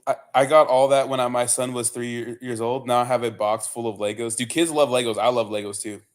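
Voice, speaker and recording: Young male streamer, rambling, cussing, relaxed chat to viewers. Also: medium pitch, fairly quick. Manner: loose, profane, rambling with many fillers and "bro". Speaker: livestream host. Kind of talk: casual livestream chat reading viewer comments.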